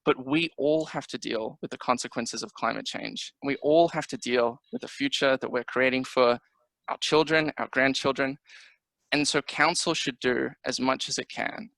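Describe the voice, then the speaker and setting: A man running for local council speaks with passion and a gravelly edge. His tone is bright and a little tense as he fires off rhetorical questions. The sound is dry and close, as on a video call. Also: medium pitch, no echo, poor audio. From Australia. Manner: impassioned, fast, rhetorical questions. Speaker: council candidate. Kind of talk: campaign speech on a video call.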